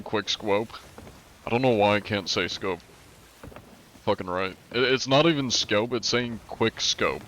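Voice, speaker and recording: A man's voice: lowish voice, a bit bright. Rambling, swearing young male streamer. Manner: rambling, swears a lot, laughs at his own stumbles. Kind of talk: casual gameplay streaming.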